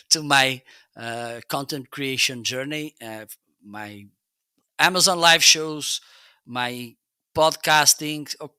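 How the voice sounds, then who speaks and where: A live-stream product reviewer hosts a casual session, speaking in a sharp-toned, mid-range voice. Recorded dry on a close dynamic studio mic, he's chatty, keeps restarting his sentences, and repeatedly asks "okay?".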